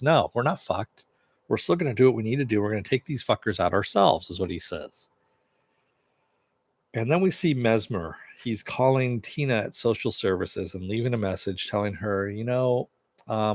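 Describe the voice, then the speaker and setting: A man's voice: fairly low pitch, no room sound. A man casually recapping a TV episode, retelling scenes loosely with fillers and occasional laughs. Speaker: show reviewer.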